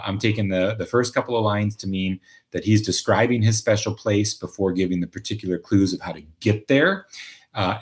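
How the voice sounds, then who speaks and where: Minnesota guy rambling on a livestream, deep voice, lots of uhs and ums. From Minnesota, USA. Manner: rambling, many fillers and restarts. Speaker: livestream host. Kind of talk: casual live chat reading comments.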